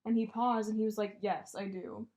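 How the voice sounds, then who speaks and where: A woman on a casual podcast, telling a breakup story with lots of swearing and acted-out quotes. Her voice sits at a middle pitch. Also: moderate pace, highs cut off. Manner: animated storytelling, swears freely, acts out quotes. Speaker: podcast co-host. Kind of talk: casual chat.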